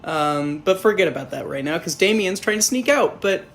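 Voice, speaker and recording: A man's voice: sits high, animated, moderate pace, a bit bright, slight background noise. A man casually reviewing a film in a rambling, profane, sarcastic way.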